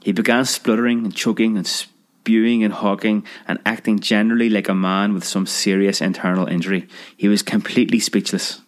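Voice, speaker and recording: A man reading a story aloud, lively, putting on voices for the characters. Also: lowish voice, fairly quick. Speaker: narrator. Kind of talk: scripted narration of a children's memoir.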